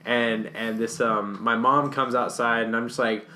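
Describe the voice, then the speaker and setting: A man's voice: mid-range voice, steady tone, measured pace, bright, forceful tone, a little hiss or hum. A young man casually telling a long story on a podcast, rambling and swearing, with lots of fillers and restarts. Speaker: podcast guest.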